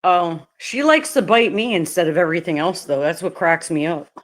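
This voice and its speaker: A woman's voice: fairly low pitch, normal speed. A woman hosting a casual livestream, chatting with viewers and her dogs, swearing often and breaking into laughter. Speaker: livestream host.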